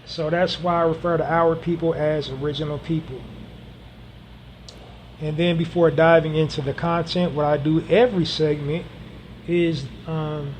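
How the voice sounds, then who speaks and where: A man's voice: on the high side, steady tone, moderate pace, darkish tone, a little hiss or hum. A man hosting a solo podcast monologue, speaking earnestly and repeating phrases for emphasis, with frequent ums. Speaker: podcast host.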